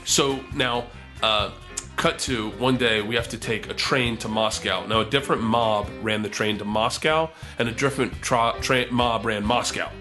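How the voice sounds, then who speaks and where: A man telling a comic story as a podcast guest, excitable and profane, acting out quotes in a raised voice. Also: on the low side, normal speed, music in the background. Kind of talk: comedic storytelling.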